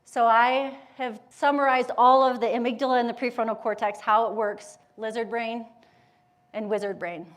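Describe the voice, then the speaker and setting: In a fairly high voice, a woman delivers a live motivational talk, engaging her listeners with questions in a lively, conversational way. She teaches yoga, speaks motivationally, and has school-age children, and she animatedly quotes inner voices in quick bursts.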